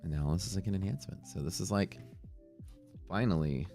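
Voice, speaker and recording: Low-voiced male streamer, casual and rambling, soft music in the background. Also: fairly quick. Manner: greets viewers by name, jokey and rambling. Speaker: livestream trading host. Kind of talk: casual livestream chat. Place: home streaming room.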